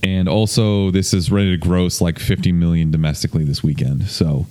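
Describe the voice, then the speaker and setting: A man's voice: low voice, fairly even intonation, brisk, dark tone. A man hosting a podcast in loose, rambling casual chat, swearing freely. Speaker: podcast host. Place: indoor room, streamed on video.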